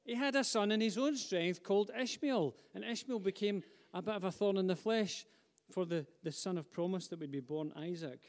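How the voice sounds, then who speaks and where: A man's voice: high-pitched, moderate pace. A man preaching a sermon, speaking fervently and building to emphatic repetition. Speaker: pastor. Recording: long hall reverb.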